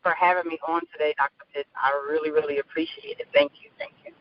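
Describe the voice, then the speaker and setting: A woman's voice: low-pitched, very animated, quick pace, a little hiss or hum. Bubbly Philadelphia-accented woman on a lo-fi call. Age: middle-aged. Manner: bubbly, chatty, laughs often, repeats herself. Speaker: guest, life coach. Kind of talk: casual interview talk.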